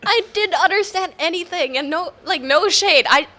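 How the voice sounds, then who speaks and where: A woman's voice: very high-pitched, normal speed, sharp tone. A woman in her twenties from Thailand, a giggly, easygoing guest on a casual chat show.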